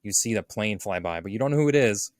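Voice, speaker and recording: A man's voice: on the low side, fast, no echo, studio quality. A man co-hosting a podcast, eagerly retelling film scenes in casual chat. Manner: animated retelling, acts out quoted lines. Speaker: podcast co-host. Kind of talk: casual movie recap chat.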